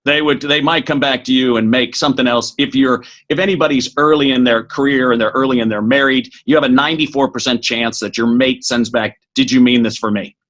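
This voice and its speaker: A middle-aged man speaking as a podcast guest, giving an energetic motivational talk that is quick and full of restarts. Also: medium pitch. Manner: energetic, fast, with many restarts.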